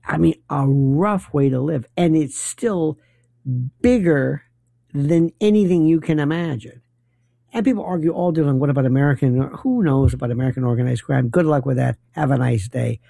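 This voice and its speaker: A man's voice: fairly high pitch, normal speed, gravelly, warm tone, dry recording. A middle-aged man hosting a late-night talk radio show, delivering a rambling, opinionated and wry monologue.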